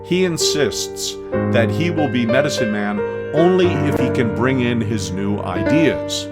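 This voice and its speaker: Slow, animated man lecturing. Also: mid-range voice, over loud music. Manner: animated, conversational, pointing out scenes. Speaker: teacher. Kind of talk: class lecture commenting on a film.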